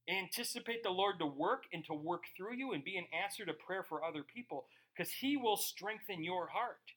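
Male pastor, sermon delivery, high bright voice, slow scripture reading and casual asides. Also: animated. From Germany. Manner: reads scripture slowly, then talks casually with asides.

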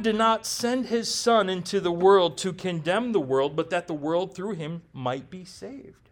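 A man's voice: high-pitched, measured pace. A pastor preaching a sermon, emphatic and conversational, tossing rhetorical questions to his congregation and slipping in light jokes.

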